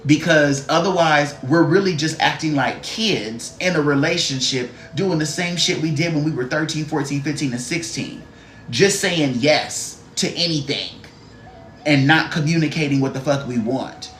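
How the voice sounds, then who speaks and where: A man's voice: on the high side, moderate pace, a bit bright, a little hiss or hum. A man giving a live-stream card reading, blunt, profane and sassy, talking straight to the viewer and greeting chatters. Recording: roomy echo.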